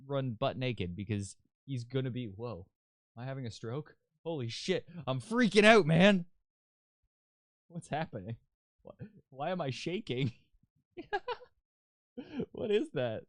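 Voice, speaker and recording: A man from Canada hosting a political podcast, ranting in a loud, crude and sarcastic way with frequent restarts. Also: mid-range voice, smooth, no room sound. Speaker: podcast host.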